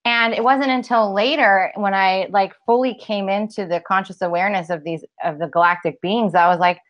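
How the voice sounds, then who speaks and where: A woman's voice: mid-range voice, steady tone, normal speed, fairly bright tone. Playful woman, slightly muffled audio. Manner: playful, laughing, acts out voices in her stories. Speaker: guest, spiritual teacher. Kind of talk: casual spiritual conversation.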